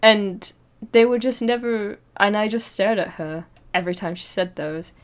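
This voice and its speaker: A young woman chats on her stream mic, winding through a personal story in fits and starts. She trips over her words, circles back, and breaks into small nervous laughs. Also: medium pitch. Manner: rambling, halting, with frequent fillers and nervous laughs. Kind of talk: casual storytelling chat. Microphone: streaming microphone.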